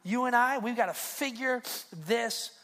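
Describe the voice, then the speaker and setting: A man's voice: extremely high pitch, measured pace, a bit bright. A male pastor preaching a sermon, fervent and repetitive, with a driving preaching cadence.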